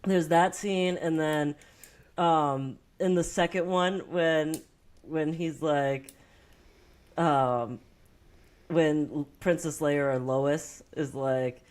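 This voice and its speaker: A woman's voice: low-pitched, very slow, a little mellow. A young woman co-hosts a casual movie podcast and tells scenes back in a loose, rambling way. She leans on "like" constantly, swears freely, and keeps laughing at her own retellings. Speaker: podcast co-host. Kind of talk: casual movie-review chat.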